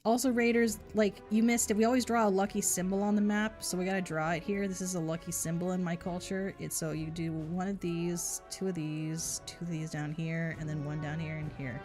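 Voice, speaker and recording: Woman game streamer, lower-pitched, playful mock-boastful banter over quiet music. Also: level tone, brisk, few pauses. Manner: joking, rambling, mock-boastful. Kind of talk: casual live game commentary.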